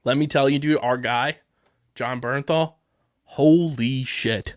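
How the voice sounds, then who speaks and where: Man, Philadelphia-area accent, podcast co-host, rambling and enthusiastic, average pitch, dry close sound. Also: fairly even intonation, takes it slowly, dry recording. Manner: rambling, enthusiastic, many fillers and restarts. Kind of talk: casual show review chat.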